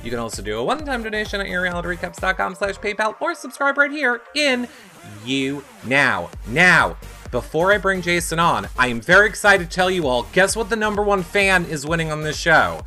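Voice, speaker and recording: Brief: upbeat male host, bright forceful voice, faint music behind. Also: high voice, very animated, a little fast. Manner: upbeat, hypes the audience, playful. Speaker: podcast host. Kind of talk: enthusiastic livestream interview.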